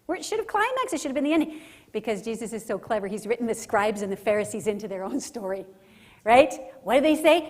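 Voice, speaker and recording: Brief: lively woman faith speaker, slightly high voice, storytelling lecture. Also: quick pace. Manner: animated, acts out scenes, frequent "right?". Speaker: conference speaker. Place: conference center.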